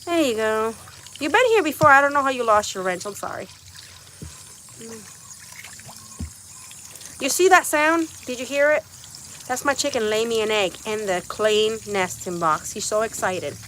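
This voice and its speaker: A woman's voice: fairly high pitch, animated, normal speed, pauses often, a bit bright. A woman hosting a casual livestream from her backyard chicken coop. She chats to viewers, repeats herself and coos to her animals. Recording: noisy outdoor phone stream.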